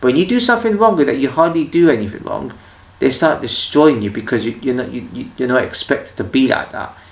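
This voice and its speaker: With a mid-range voice and lively intonation, the vlogger talks a little fast as he rants casually to camera about irritating people, rambling and restarting frequently. The sound is distant and echoey, his voice a bit off-mic.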